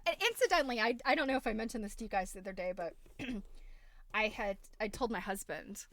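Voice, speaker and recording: A woman's voice: mid-range voice, fairly quick, fairly bright tone, no room sound. A middle-aged woman hosting a livestream, chatting casually and telling stories with frequent laughs. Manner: chatty, laughs often, storytelling with quoted asides. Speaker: livestream host. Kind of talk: casual chat to a live audience.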